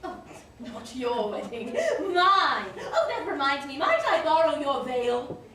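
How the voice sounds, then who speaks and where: A woman's voice: sits high, sing-song, slow, fairly bright tone, a little hiss or hum, full character voice. A woman playing a tipsy, languid chaperone, drawling and giggly. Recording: echoey distant stage recording.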